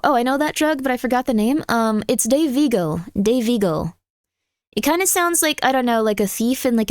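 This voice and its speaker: A woman's voice: a little high, clear, resonant tone, dry recording, studio quality. A woman livestreamer in casual chat, rambling and breaking off her own sentences while she reads out viewer messages. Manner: rambling, scattered, self-interrupting.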